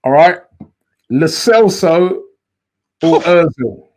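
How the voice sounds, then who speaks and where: A man's voice: fairly high pitch, animated, slow, darkish tone, slight background noise. A man hosting a casual football debate, talking in a laid-back, hesitant way with frequent restarts. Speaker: host.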